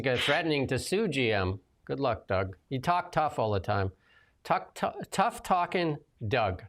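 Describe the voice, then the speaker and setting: A man's voice: medium pitch, gravelly, fairly bright tone. A man hosting a political talk show, commenting casually with sarcastic asides and frequent laughter. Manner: sarcastic, rambling, laughs often. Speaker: host.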